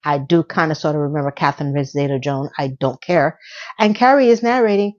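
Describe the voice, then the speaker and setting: A woman's voice: deep voice, brisk, muffled recording. Chatty, sassy woman recapping a show. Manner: chatty and sassy, with playful asides and self-corrections. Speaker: video host. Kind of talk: casual episode recap commentary.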